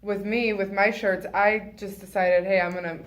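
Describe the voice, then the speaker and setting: A woman's voice: medium pitch, fairly even intonation, normal speed. Enthusiastic woman, chatty guest. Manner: warm, filler-heavy, enthusiastic. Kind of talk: casual chat.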